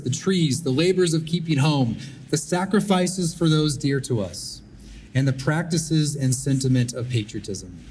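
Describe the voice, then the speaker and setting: A man's voice: on the high side, darkish tone. A man giving a prepared public speech, earnest and exhorting, repeating key phrases. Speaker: conference speaker. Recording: distant mic with faint background noise.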